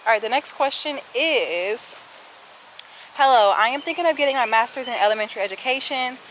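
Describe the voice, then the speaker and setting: A young woman in her twenties answers viewer questions while walking outside, winded and talking straight to her viewers. Her voice is bright and sharp, a little higher than most, and she has a sassy, chatty way of speaking. Faint outdoor noise sits under the handheld camera audio. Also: lively intonation, brisk. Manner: chatty, sassy, addresses viewers as sis and y'all. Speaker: kindergarten teacher and vlogger. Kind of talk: casual Q&A vlog.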